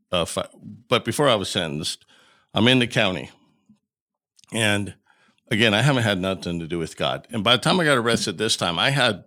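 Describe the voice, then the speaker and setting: Gravelly, bright-voiced man telling his story. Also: fairly low pitch. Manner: animated storyteller acting out quoted dialogue. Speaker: podcast guest. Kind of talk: storytelling in an interview.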